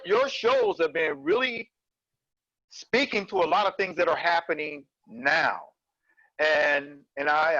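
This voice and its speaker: A man, a case manager, speaking in a casual webinar chat, halting with many fillers. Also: fairly high pitch, no room sound. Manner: warm praising, halting with fillers. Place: video call. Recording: dry, dull lo-fi sound.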